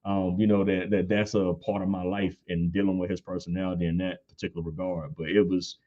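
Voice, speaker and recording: Guest speaker, thirties, very low voice, lively storyteller who jumps up high for quotes; muffled lo-fi recording. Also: male voice, fairly quick. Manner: animated, laughs often, acts out quotes in high voice. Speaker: guest on church panel. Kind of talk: casual storytelling.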